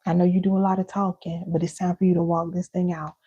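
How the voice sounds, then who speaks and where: Woman teacher, deep and dark, husky, emphatic and direct with her audience; dull lo-fi recording. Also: flat delivery, quick pace. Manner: emphatic, repeats key lines, calls listeners baby and y'all. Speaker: parenting and healing teacher.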